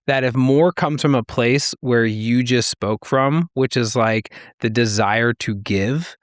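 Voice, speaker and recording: A man in his thirties co-hosts a relaxed podcast conversation, working through ideas in a reflective, meandering way. His pitch sits in the middle of the range, and the recording is dry and close, with no room sound. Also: slow pace, dry recording. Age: 30s. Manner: reflective and rambling, philosophical musings. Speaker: podcast co-host.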